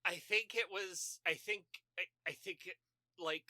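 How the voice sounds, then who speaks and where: High, sharp-voiced man with dry jokes. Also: measured pace, no echo. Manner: dry, joking asides. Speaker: podcast co-host. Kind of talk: casual chat about a horror movie.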